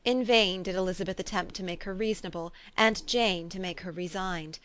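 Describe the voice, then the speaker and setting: A woman narrating a classic novel as an audiobook, measured and even. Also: fairly low pitch. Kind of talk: scripted narration.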